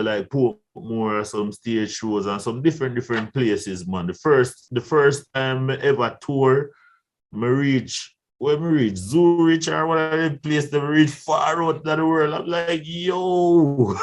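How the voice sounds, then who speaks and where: A man's voice: mid-range voice, measured pace. A young man with a Jamaican accent telling stories in a casual interview, laughing often and acting out the voices of people in his tale. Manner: animated storyteller who laughs often and acts out voices. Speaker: guest artist.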